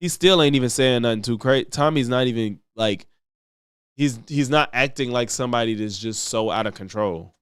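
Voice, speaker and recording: A man's voice: mid-range voice, normal speed, fairly bright tone, clean tone, dry recording. A man streaming blunt, profane reaction commentary on video clips, mocking the people in them.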